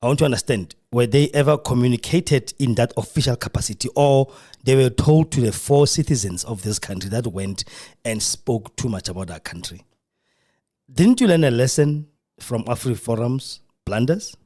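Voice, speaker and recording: A South African man hosting a live radio podcast from a studio. He comments in a mocking, animated way and acts out the voices he quotes. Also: medium pitch, moderate pace. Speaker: podcast host.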